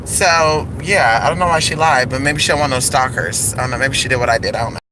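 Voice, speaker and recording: A man's voice: medium pitch, fast. A man chatting sassily and animatedly while vlogging from his car. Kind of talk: casual car vlog. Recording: traffic noise behind. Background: road traffic.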